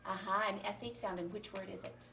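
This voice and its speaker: A woman teacher leading a small group through a phonics lesson, patiently and encouragingly modeling each sound clearly. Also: mid-range voice, little pitch movement, a little fast, pushed and bright. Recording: distant mic with faint noise.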